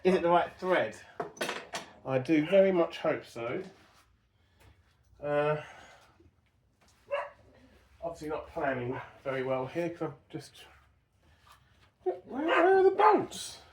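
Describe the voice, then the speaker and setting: A man's voice: on the high side, takes it slowly, pauses often. A man chatting casually to the camera as he works on an old car in his home workshop, joking at his own expense and talking to himself. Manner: self-deprecating, chatty, talks to himself while working. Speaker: car restoration vlogger. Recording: noisy workshop with dogs barking.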